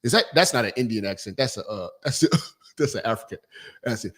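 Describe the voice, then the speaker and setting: A man hosting a call-in radio show, ranting loudly and crudely, rambling, swearing and often breaking into laughter. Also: medium pitch, expressive, quick pace.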